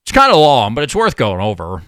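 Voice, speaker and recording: Brief: male political podcast host, sarcastic rant, bright and crisp, dry close mic. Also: mid-range voice, brisk, no echo. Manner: sarcastic, animated ranting. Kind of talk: political commentary monologue.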